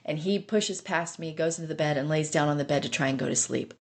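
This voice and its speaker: A woman's voice: low voice, quick pace, darkish tone. A middle-aged woman telling her own story on a podcast, earnest and intense as she relives it. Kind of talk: personal recovery story podcast.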